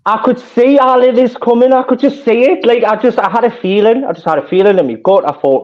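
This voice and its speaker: A man with a Geordie accent, a football fan gushing excitedly in a casual chat, laughing often. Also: very high voice, fast talker, hardly any pauses. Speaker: fan panelist. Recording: muffled lo-fi audio.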